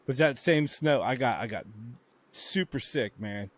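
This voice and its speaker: A man's voice: medium pitch, lively intonation, measured pace. Profane storytelling podcast man. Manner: profane, storytelling, laughs often. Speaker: podcast co-host. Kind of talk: casual chat.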